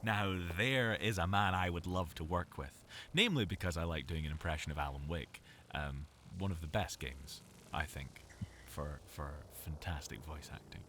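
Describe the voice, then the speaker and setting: A man's voice: deep voice, normal speed, fairly bright tone, a little hiss or hum. A young Scottish man, a voice actor, rambling about himself in a self-mocking, chatty way while recording in a small cupboard booth. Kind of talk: recorded game dialogue, rambling monologue.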